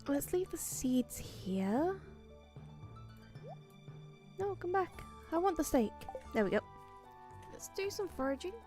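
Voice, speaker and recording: Playful, giggly woman streamer with a bouncy, expressive voice. Casual gameplay chat with viewers. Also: high-pitched, slow, long pauses, soft background music. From Wales. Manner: playful and giggly, chatting to viewers and talking to game items.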